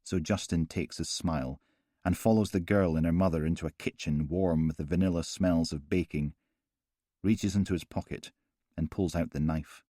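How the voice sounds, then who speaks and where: A man narrating a crime thriller audiobook in a measured, grave way. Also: low voice, fairly even intonation, dark tone, no echo, clean studio sound.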